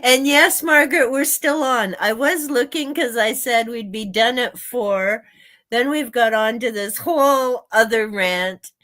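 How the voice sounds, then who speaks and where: Slow-talking woman chatting on a stream. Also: fairly high pitch, a bit bright. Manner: chatty, laughs often, wanders into rants. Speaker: streamer and author hosting a reading sprint. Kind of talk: casual livestream chat.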